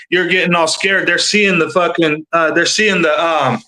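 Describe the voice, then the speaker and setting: A man's voice: high voice, fairly even intonation, brisk, hardly any pauses, sharp tone, low-quality recording. A man ranting on a livestream panel in casual chat, rambling with lots of filler words and swearing. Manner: rambling, profane, many fillers. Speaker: panel commentator. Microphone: video call.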